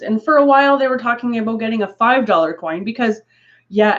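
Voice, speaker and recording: A woman chatting casually to viewers on a craft livestream, rambling through asides and laughing often. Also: mid-range voice. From Canada. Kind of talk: casual live chat. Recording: dull lo-fi stream audio.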